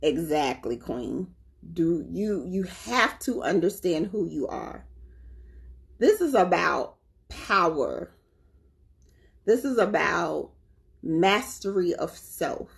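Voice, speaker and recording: A woman's voice: lowish voice, lively intonation, slow, creaky, pauses often. A woman from North Carolina with a Southern accent, chatting casually and animatedly to her viewers, often laughing. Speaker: spiritual vlogger.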